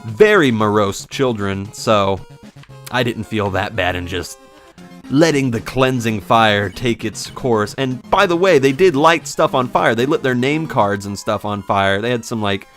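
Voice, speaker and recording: A man's voice: fairly low pitch, expressive, measured pace, a bit bright, faint music behind. A man in his twenties, a game commentator telling a casual story in a sarcastic, profane way. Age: 20s.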